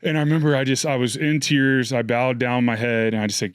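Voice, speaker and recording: A man's voice: medium pitch, level tone, a little fast, clean tone, no room sound, clean studio sound. Earnest man telling his story. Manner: earnest, reflective, emotional retelling. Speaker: interview guest. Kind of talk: candid storytelling.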